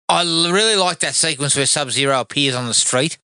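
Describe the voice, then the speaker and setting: A man's voice: on the high side, brisk, clear, resonant tone, no echo, studio quality. Laid-back man chatting films. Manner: relaxed, sweary, agreeable. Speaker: podcast co-host. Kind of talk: casual film review chat.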